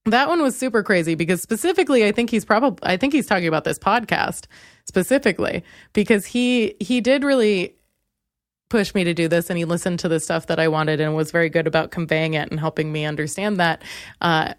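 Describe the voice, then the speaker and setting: A woman's voice: on the low side, brisk, no room sound, studio quality. Sarcastic young woman podcast host. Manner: sarcastic, animated, quotes others in mocking voices. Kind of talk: comedic storytelling monologue.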